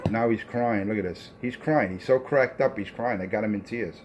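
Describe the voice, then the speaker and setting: Taunting man with a low voice. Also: normal speed, heavy background noise. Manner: taunting, repetitive, profane. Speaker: CB radio talker. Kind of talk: trash talk over CB radio.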